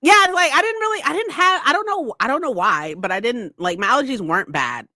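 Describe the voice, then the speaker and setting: Here the voice sits high and moves briskly, expressive with a pushed, bright quality, captured dry. She's a young streamer from California, laughing often and cursing openly as she talks casually with viewers.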